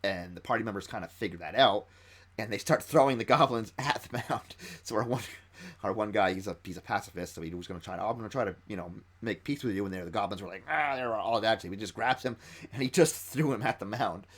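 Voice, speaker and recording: A man who ran a tabletop game explains how he built an encounter, retelling it in an excited, stop-and-start way. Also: on the low side, fast talker, breathy edge. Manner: excited storytelling with frequent restarts. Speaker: game master.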